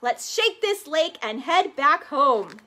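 Woman voicing fretful dinos in a picture book, slow rhymes. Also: sits high, sing-song, pushed and bright, full character voice. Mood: dismayed. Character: group of worried dinosaurs on a train trip.

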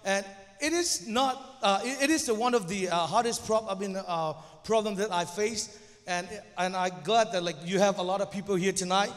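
Young male guest preacher, second-language English speaker (Zomi native), high voice, halting and nervous delivery, long church reverb. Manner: hesitant, stumbling and restarting. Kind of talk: church sermon.

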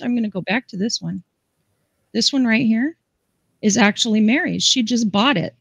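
A woman's voice: on the high side, normal speed, gravelly, long pauses, breathy edge, no room sound. Chatty female craft host, enthusiastic, dry close sound. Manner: chatty, enthusiastic, explains step by step. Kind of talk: live craft demonstration.

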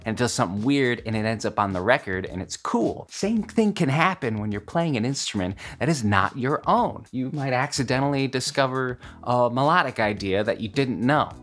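A man's voice: mid-range voice, animated, normal speed, few pauses, fairly bright tone. Musing Midwestern man in a music studio. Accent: Midwestern American. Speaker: music video host. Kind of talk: casual, reflective music vlog talk.

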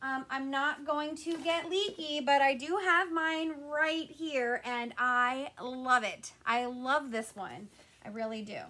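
Woman doing a live craft stream, high bright voice, chatty, says hi to everybody by name. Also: takes it slowly. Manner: chatty, greets viewers by name. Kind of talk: casual live-stream chat.

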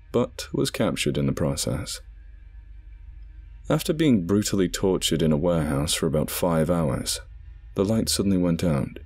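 A man narrating a scripted horror story in a measured, dramatic way. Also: deep voice, a little mellow, breathy edge. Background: background music.

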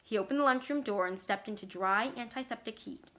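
A woman from library staff reading a horror story aloud in a measured, expressive manner. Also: fairly high pitch.

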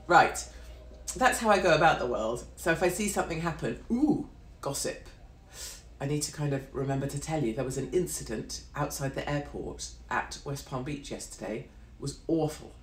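A woman's voice: low voice, expressive, moderate pace. A woman, hosting a blunt, profane and mocking ranting monologue. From Britain. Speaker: host. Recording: echoey room.

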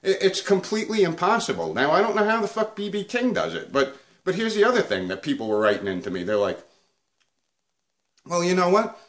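A man's voice: high voice, sing-song, fast talker, fairly bright tone. A man hosting a comedic guitar video, ranting crudely and swearing nonstop. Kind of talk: profane comedic rant to camera.

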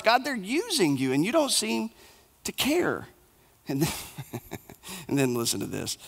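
A male pastor preaching a sermon in short, repeated, emphatic phrases, dropping soft and low for the somber passages. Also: huge pitch swings, measured pace, vocal fry, pauses often.

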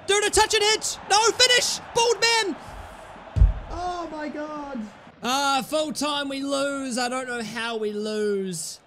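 A man with a very high, bright voice giving live gameplay commentary as he plays. He flips between low mutters and sudden yells, trading cheeky, sweary banter with his teammates. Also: slight background noise. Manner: excitable, swings between muttering and yelling. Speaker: gaming YouTuber.

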